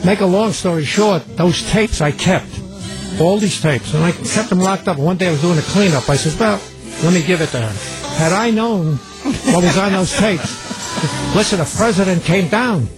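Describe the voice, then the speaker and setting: A man's voice: high voice, moderate pace, music in the background, low-quality recording. An older man recalling his recording studio days in a chatty storytelling way, with chuckling asides. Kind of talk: archival interview recollection.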